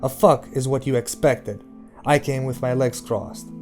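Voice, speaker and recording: A man's voice: medium pitch, measured pace, over music, lightly acted. A man doing a tough young addict. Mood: menacing. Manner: blunt, threatening. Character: tense young male heroin addict, tough talker.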